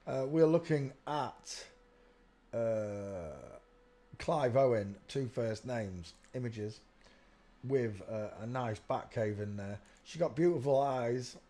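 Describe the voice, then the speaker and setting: A man chats loosely on a live stream, rambling and often urging viewers to look at pictures, saying "look" as he points. His mid-range voice is warm, and he speaks slowly.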